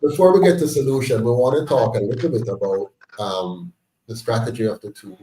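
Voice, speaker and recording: A man's voice: mid-range voice, a little fast, mellow. Indignant Jamaican man, far and roomy. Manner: emphatic, rising to exclaim in indignation. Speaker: host of a political discussion meeting. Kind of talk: passionate political talk.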